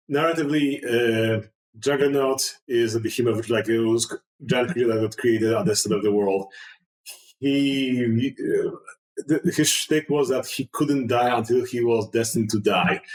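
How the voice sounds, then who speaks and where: A man's voice: medium pitch, darkish tone. A man running a tabletop game as game master, talking casually with many fillers. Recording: roomy echo.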